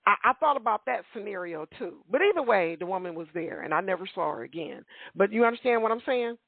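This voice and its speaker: A woman telling a long personal story on a call-in radio show, animated and rambling, with frequent rhetorical asides to the listener. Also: mid-range voice, quick pace, no room sound. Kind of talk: casual storytelling. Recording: tinny dry phone line.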